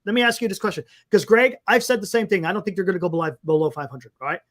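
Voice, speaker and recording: A man's voice: sits high, quick pace, fairly bright tone. A man co-hosting a casual sports talk show, chatting and reading out viewer comments, often repeating himself.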